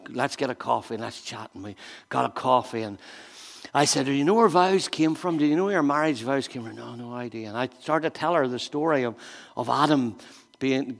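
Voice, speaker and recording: A pastor preaches a sermon in a gravelly, mid-range voice, telling stories with acted-out voices and swinging from quiet asides to loud, emphatic bursts. The sound is that of a big room.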